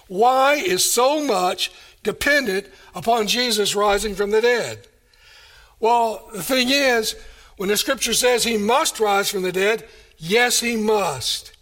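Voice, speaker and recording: A man delivers a sermon at an unhurried, deliberate pace. His voice sits high for a man, and he presses his points with repeated rhetorical questions. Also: a bit bright. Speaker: pastor.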